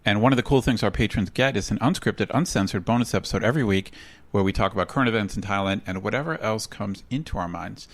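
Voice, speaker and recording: A man's voice: lowish voice, fast talker. An American man in his forties co-hosting a podcast, reading promos with dry humor in a casual chat. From United States. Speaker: podcast co-host.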